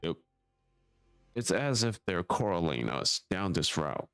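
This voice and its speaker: A man's voice: deep voice, big pitch swings, unhurried, gravelly, a bit bright, smooth, no room sound. A young man live-streaming a video game, chatting casually and reading the story's dialogue aloud, swearing offhandedly at his own slip-ups.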